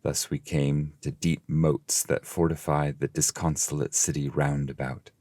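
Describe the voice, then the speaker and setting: A man, the translator, narrating his verse translation in a steady, measured audiobook reading. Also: a bass voice, dry recording. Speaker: translator and reader.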